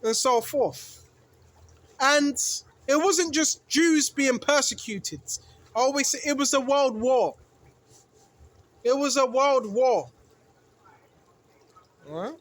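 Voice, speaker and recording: Man, very high voice, bible teaching sermon, rhetorical questions, emphatic rises. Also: lively intonation, takes it slowly, long pauses, fairly bright tone. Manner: preachy, asks rhetorical questions, repeats "right?"; rises in pitch and volume when emphatic. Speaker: street preacher.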